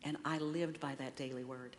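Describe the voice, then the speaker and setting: A woman in her sixties giving a sermon as guest speaker in a church sanctuary, telling a personal story in an expressive storytelling way. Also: rumbling low, moderate pace, slight background noise. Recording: long reverberant hall.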